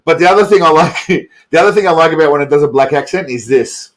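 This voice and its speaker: A man's voice: a little high, fast talker. A tipsy man hosting a casual live stream, rambling, profane and repeating himself.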